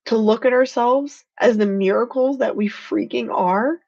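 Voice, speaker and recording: Earnest, higher-voiced woman hosting a live stream. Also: unhurried, gravelly, darkish tone, highs cut off. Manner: earnest, heartfelt and emotional, says "freaking" for emphasis. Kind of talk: motivational live-stream talk.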